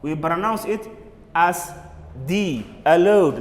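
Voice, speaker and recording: Slow, high-voiced male English teacher. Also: expressive, long reverb tail. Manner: slow, drilling words with repetition. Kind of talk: classroom pronunciation lesson. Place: classroom or studio for a TV lesson.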